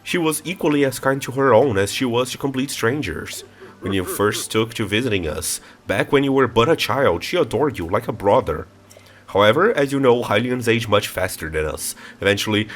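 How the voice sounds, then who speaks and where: A man with a stuffy nose voicing a gentle, regal old fish-folk king in a game playthrough. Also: fairly low pitch, animated, a little fast. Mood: solemn.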